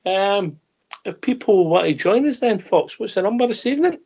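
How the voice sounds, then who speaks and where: A man's voice: high-pitched, expressive, vocal fry, a little mellow, slightly rough. A man with a Scottish accent hosting a fan radio show, friendly and teasing as he brings in callers. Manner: friendly, teasing, quick to laugh. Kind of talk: casual football chat. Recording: dull lo-fi sound.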